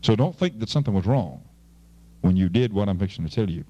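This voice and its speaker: A man preaching a fervent sermon as pastor, swinging between loud appeals and low, quiet asides. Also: lively intonation, fast talker.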